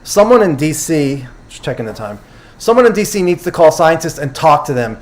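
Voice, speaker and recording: Guy hosting a casual livestream recap, kinda high voice, rambly, fixes his own words a lot. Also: sing-song, a little fast. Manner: chatty, quotes speakers loosely, self-correcting. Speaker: host summarizing a conference.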